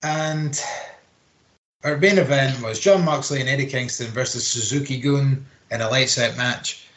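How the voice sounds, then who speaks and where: A man's voice: mid-range voice, fairly bright tone. A young man chatting casually about wrestling as a podcast co-host, rambling and swearing. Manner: rambling, swears, quick laughs. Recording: roomy home recording.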